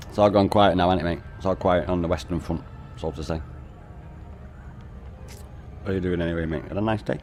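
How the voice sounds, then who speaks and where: A man's voice: sits low, normal speed, pauses often, darkish tone, soft background music. A man streaming a game, chatting casually, laid-back and sweary, calling people "mate" often. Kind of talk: casual live-stream chat.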